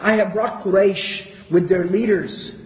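In an echoey hall, an Islamic lecturer with a high, steady voice speaks unhurriedly, narrating history as a story. He recites passages in Arabic before giving their translations.

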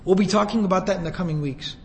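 A man's voice: sits high, fast, long reverb tail, rough recording. A man giving a sermon, telling the story emotively and acting out quoted lines. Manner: emotive, retells scenes with quoted voices. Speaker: preacher.

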